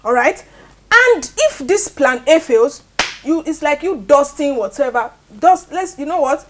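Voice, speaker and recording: A woman with a Nigerian English accent speaks in a high voice, firm and direct. She is a talk show guest, often pausing to ask "okay?" as she makes her case. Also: animated, a little hiss or hum. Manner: assertive, checks in with "okay?". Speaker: panel guest.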